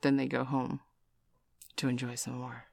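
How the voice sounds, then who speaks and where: A man narrates a scripted adult story in a soft, unhurried way. His voice sits at a medium pitch and sounds dry and close, with no room echo. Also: monotone, gravelly.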